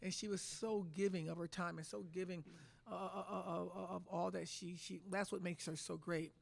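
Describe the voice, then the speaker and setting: A woman's voice: on the low side, fairly even intonation, normal speed, creaky. A middle-aged woman head coach answering press conference questions with emphatic, restarting speech. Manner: emotional, repetitive restarts, emphatic.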